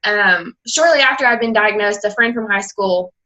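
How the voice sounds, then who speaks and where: A woman's voice: mid-range voice, normal speed, pushed and bright, highs cut off. A young woman on a team call who tells her personal story candidly and rambles a little, acting out the people she quotes. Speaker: guest speaker and fitness coach.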